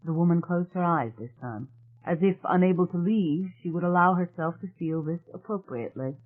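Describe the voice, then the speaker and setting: An audiobook narrator reading a thriller novel in a measured, even storytelling manner. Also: medium pitch. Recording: tinny phone-like sound.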